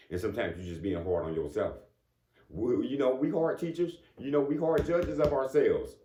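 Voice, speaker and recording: A man's voice: medium pitch, moderate pace, mellow, dull audio. A man giving a casual motivational talk. He speaks conversationally, keeps asking "you know what I'm saying," and chuckles between points. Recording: echoey room.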